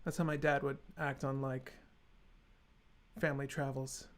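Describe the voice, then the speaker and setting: A man's voice: mid-range voice, little pitch movement, a little slow. A man hosting a live stream, building a card game deck and joking sarcastically with his chat.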